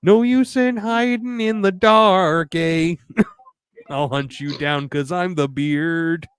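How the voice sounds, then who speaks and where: A man putting on the voice of a gruff bounty hunter, a hammy mix of a Canadian and an Irish tough guy who stretches out his threats. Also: very high-pitched, fairly even intonation, dry recording, studio quality, voice pushed up, full character voice. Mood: menacing. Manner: hammy, drawn-out threats ending in "eh".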